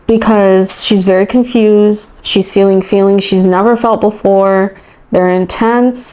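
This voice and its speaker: A woman's voice: mid-range voice, warm tone. A woman parent coach answering podcast interview questions in an emphatic, enthusiastic way, often acting out what parents and children say.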